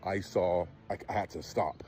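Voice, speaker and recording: Man, low dark voice, shaken and overwrought confessional delivery. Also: steady tone, normal speed. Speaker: man in a played online video. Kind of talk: emotional confessional video.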